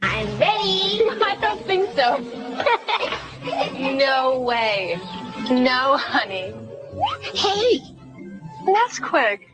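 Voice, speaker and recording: A woman's voice: high voice, very animated, drawn-out words, long pauses, full character voice, rough recording. An actress playing a playful mother teasing her kid in a TV commercial, over music. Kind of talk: TV commercial acting.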